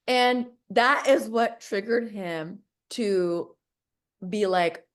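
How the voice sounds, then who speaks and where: A woman's voice: fairly high pitch, slow pace, a bit bright. A woman telling a personal story in a casual podcast chat, reenacting conversations and laughing often.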